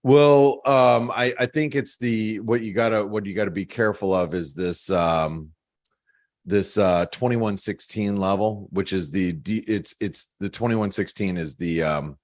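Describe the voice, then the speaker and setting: A man with a lowish voice talks through market charts in a loose, rambling way. He fills his sentences with fillers and restarts, and chuckles at his own jokes. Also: measured pace. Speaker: market analyst on a trading webinar. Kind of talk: casual chat walking through charts.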